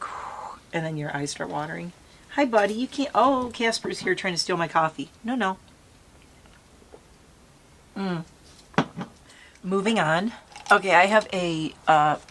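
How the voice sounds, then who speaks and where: A woman's voice: on the low side, fairly bright tone, slight background noise. A woman chatting casually with her viewers as she does her makeup outdoors in a light breeze. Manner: chatty, bubbly, talks to viewers while doing makeup. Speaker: beauty vlogger. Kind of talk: casual makeup tutorial chat.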